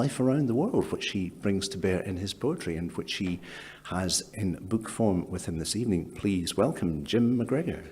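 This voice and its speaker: Male event host, very low and husky voice, jokey introductions, reverberant hall. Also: a little mellow. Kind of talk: introducing performers.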